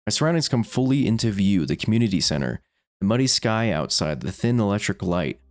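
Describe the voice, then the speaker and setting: A man's voice: on the low side, very animated, a little fast. A man reading a visual novel's first-person narration aloud as a let's play host, with small stumbles.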